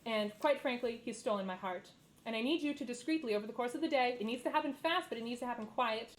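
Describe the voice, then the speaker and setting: A woman's voice: a little high, fast, a little hiss or hum, natural voice, low-quality recording. Luna, a woman doing a pompous prim tiefling. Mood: confiding. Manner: pompous, condescending, clipped. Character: prim, haughty tiefling woman, self-important.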